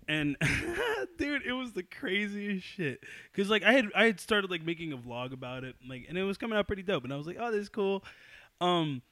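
An excitable young man from New York hosts a loose podcast chat, swearing freely and laughing loudly. His voice sits a little high and sounds bright and forceful. The recording is close and dry. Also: normal speed, dry recording. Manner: excitable, swears often, bursts into loud laughter. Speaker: podcast host.

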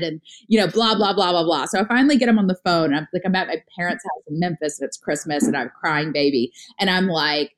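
A middle-aged woman telling a story in casual conversation, talking fast with lots of filler words and acting out what people said. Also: lowish voice. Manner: fast, chatty, lots of "like" fillers, acts out her own past lines. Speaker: guest, startup founder.

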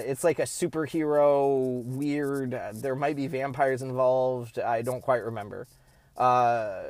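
A man's voice: medium pitch, no room sound. A man hosting his own podcast alone, talking casually and rambling through lists of movies. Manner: rambling, chatty, lists titles with pauses. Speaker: podcast host. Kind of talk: casual solo podcast monologue.

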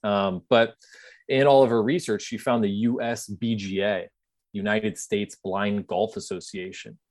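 Man, deep voice, close and dry sound, sincere interview guest recounting hard times. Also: steady tone, unhurried, dry recording. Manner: earnest, reflective storytelling. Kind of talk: conversational interview.

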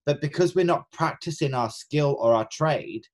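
A man's voice: on the high side, moderate pace, a little mellow. Earnest man musing on a podcast. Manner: earnest, reflective, many fillers and restarts. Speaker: podcast co-host and coach. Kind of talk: casual podcast chat.

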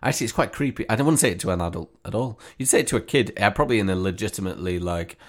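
A man co-hosting a casual chat, making dry jokes and quick asides. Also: lowish voice. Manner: joking, dry asides, laughs often. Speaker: podcast co-host.

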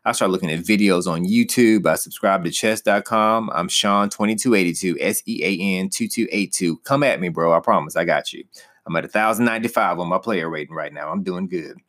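A man's voice: deep voice, a little fast, a bit bright. A young man teaching as a pastor in an earnest, personal way, rising with emphasis on key points. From United States.

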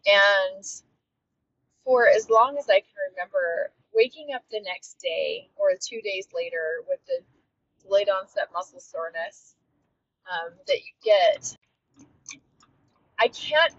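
A woman's voice: on the high side, sing-song, measured pace, a bit bright. A woman hosting a podcast and coaching fitness, talking in a heartfelt, reflective solo monologue with frequent restarts. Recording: dull, slightly lo-fi with faint noise.

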